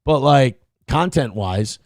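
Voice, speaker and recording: A man's voice: mid-range voice, animated, slow pace, no room sound, clean studio sound. A man hosting a live-streamed commentary show, rambling and joking crudely while reading out chat comments. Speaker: host.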